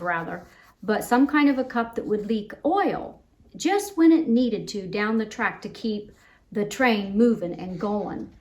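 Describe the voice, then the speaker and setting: A woman who is a children's librarian, reading a picture book to small children and then walking them through a craft. Her voice is fairly high and swoops widely in a sing-song way. She takes her time over every phrase. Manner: sing-song, expressive storyteller. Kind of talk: storytime read-aloud and craft demo.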